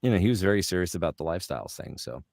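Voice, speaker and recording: Middle-aged male voice actor, very low voice, close dry sound, lively storyteller who drops into quick impressions. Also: vocal fry, no echo. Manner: animated anecdotes, slips into character voices for quotes. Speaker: voice actor guest. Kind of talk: casual storytelling chat.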